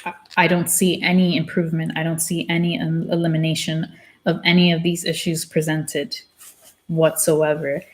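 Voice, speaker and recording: A woman's voice: sits low, flat delivery, moderate pace. A woman hosting her own channel, reading a book aloud and breaking off into blunt, opinionated commentary. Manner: opinionated, blunt asides between read passages. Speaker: channel host.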